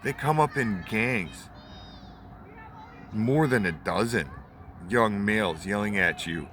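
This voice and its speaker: A man's voice: fairly low pitch, animated, slow, long pauses, a bit bright. Young man ranting over street traffic. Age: 20s. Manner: heated, repetitive, swears often. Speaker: vlogger. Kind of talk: angry profane rant. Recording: outdoor traffic noise.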